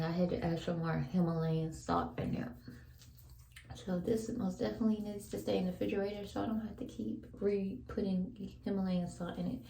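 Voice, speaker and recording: A woman's voice: mid-range voice, gravelly, warm tone, reverberant, a little hiss or hum, poor audio. A young woman, whispering a laid-back, chatty vlog at home while she brushes her teeth and washes her face. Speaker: vlogger. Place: home bathroom.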